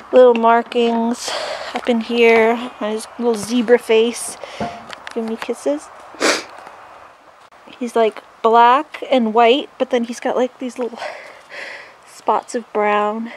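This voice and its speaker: A woman's voice: fairly high pitch, slight background noise. A young woman vlogging casually while caring for her goats in a barn, chatting with lots of "like" and cooing at the animals. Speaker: vlogger and goat keeper. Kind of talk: casual chat. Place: outdoor goat barn.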